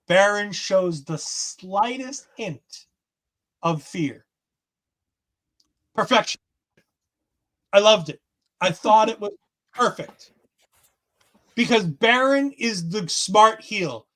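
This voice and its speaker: High-voiced excitable male podcast host. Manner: enthusiastic, acts out quotes in voices. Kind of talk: casual wrestling recap chat.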